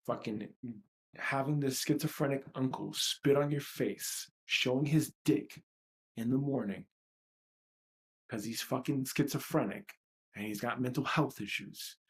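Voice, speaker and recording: A man in his thirties with a mid-range voice, speaking from New York in a raw, profane, emotional outpouring. He repeats lines for emphasis as he leads a tapping session. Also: mid-range voice. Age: 30s. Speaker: EFT tapping coach. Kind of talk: emotional personal monologue.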